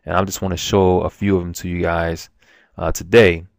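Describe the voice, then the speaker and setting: A man's voice: deep voice, flat delivery, moderate pace, creaky, no echo, clean studio sound. A man giving a casual, rambling language lesson at his computer, full of restarts and fillers. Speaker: language teacher.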